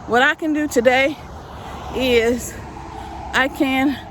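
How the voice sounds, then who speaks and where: A breathless middle-aged woman walks down a neighborhood street, filming herself on her phone and urging viewers on with repeated, preachy encouragement. Her voice sits a little high for a woman. Faint outdoor street noise runs behind her. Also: fairly even intonation, takes it slowly. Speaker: vlogger. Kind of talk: casual motivational vlog while walking.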